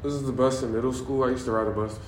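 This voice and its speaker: A young man, a guest in a casual chat, adding quiet, brief, offhand remarks. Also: mid-range voice, steady tone, rapid-fire, roomy sound, recorded from a distance, slight background noise, low-quality recording.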